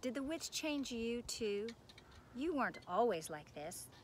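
A woman's voice: fairly high pitch, sing-song, a little hiss or hum, pitched above the performer's own voice. A woman reading aloud, voicing a brave, kind young girl in a storybook who talks earnestly and firmly. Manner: earnest, firm, quick to question.

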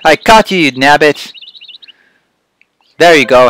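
A man playing a platform game and commenting, often yelling and cursing at enemies, then calming down to chat with his viewers. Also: a little high, a little slow, long pauses, a little hiss or hum. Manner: excitable, swearing, yelling at the game. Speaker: let's play host. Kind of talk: gameplay commentary.

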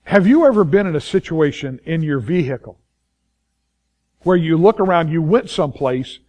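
Pastor guy preaching, fairly high voice, hammers on phrases and repeats them, voices what worried folks think. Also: animated, normal speed, darkish tone. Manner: emphatic, repeats key phrases, acts out inner voices. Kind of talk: sermon.

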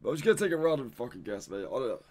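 A man's voice: medium pitch, very animated, racing, a little mellow. A young man streaming a guessing game, frustrated and swearing, tacking "mate" onto almost everything he says. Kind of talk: casual live-stream gameplay commentary.

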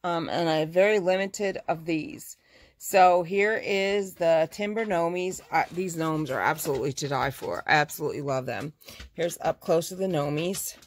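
A woman's voice: low-pitched, moderate pace. Gushing woman showing off fabrics. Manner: chatty and gushing, corrects herself mid-sentence. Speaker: fabric shop owner. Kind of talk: casual live product showcase.

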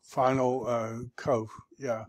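A man's voice: mid-range voice, flat delivery, takes it slowly, dry recording. A man teaching a classroom review, sounding words out syllable by syllable with patient encouragement. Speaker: Hebrew teacher.

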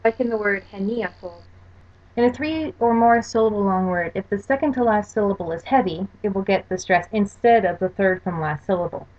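A woman's mid-range voice moves fairly quickly through a recorded language lecture over slides. As the course lecturer, she explains rules carefully and spells out examples, all on a dull lo-fi recording.

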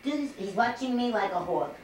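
A woman's voice: a little high, lively intonation, brisk. An older woman as a grandmother, coaxing a toddler with playful, repetitive baby talk at home. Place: family home room, indoors. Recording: echoey room, far from mic, faint hiss.

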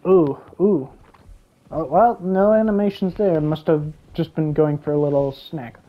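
A woman giving excitable gameplay commentary, gasping and exclaiming as she reacts. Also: low voice, measured pace, lo-fi sound. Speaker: gaming YouTuber.

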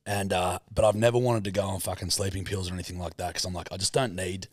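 A man's voice: sits low, steady tone, quick pace, no room sound, studio quality. A man with an Australian accent co-hosting a podcast, telling stories in a casual, swear-heavy way. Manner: swears a lot, laid-back storytelling. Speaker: podcast co-host. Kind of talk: casual chat.

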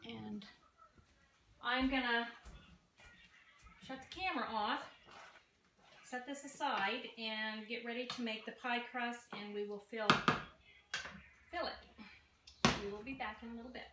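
A folksy woman in her sixties chats to viewers as she cooks in her home kitchen. Her voice sits a little high. The camera mic picks up a roomy, echoey space with clear noise in the background. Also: steady tone, measured pace, pauses often. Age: 60s. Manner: chatty, folksy, talks straight to viewers. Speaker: home cooking vlogger. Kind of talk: casual cooking chat to camera.

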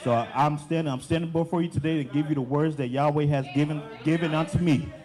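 Young male deacon delivering a sermon; slightly high voice, drives points home by repeating them. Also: fairly even intonation, fast, a crowd in the background. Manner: emphatic preaching with repeated phrases.

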